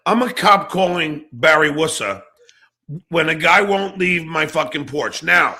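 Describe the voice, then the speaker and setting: Direction gravelly, sharp-edged man ranting. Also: on the high side, a little slow. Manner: blunt, swearing, breaks into shouts. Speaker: show host. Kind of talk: angry profane rant on a live call-in stream.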